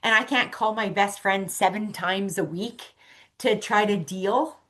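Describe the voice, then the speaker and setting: A woman's voice: medium pitch, measured pace, a bit bright. A woman talking as a podcast guest, earnest and conversational, with many fillers and restarts. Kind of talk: casual conversation.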